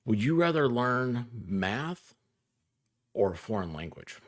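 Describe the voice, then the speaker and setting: A woman lawyer joining as a guest, talking in quick animated bursts and poking fun at herself. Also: rumbling low, dry recording, studio quality. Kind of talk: casual chat.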